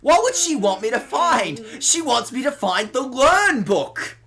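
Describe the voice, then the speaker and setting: Aussie woman streaming a game, super swoopy bright voice, sweary and sarcastic. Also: high-pitched, big pitch swings, unhurried. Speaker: streamer playing a horror game. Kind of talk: casual game-stream chat.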